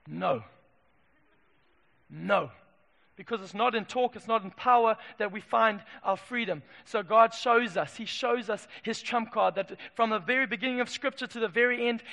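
Man preaching with a gravelly voice in a hall. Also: very high-pitched. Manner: dramatic storytelling, building to loud peaks then dropping soft. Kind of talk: sermon. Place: church hall. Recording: long hall reverb.

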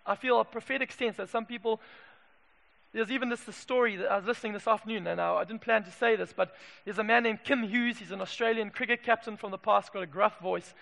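A man from Zimbabwe preaching a passionate sermon in a church, moving from hushed asides to loud calls. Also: high voice, quick pace, creaky. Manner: passionate, swings from hushed to shouting. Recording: echoey hall reverb.

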